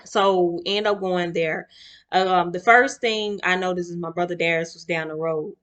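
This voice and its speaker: A young woman tells a long family story straight to camera. She talks in a lively, chatty way, often turning to the viewer with y'all and slipping into her relatives' voices. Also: lowish voice, moderate pace. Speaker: vlogger.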